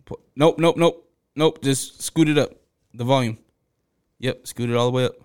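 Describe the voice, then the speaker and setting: A man's voice: medium pitch, moderate pace, darkish tone, clear, resonant tone. A man hosting a podcast, chatting casually and laughing easily. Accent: Midwestern US. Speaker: podcast host. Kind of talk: casual podcast chat and read ad.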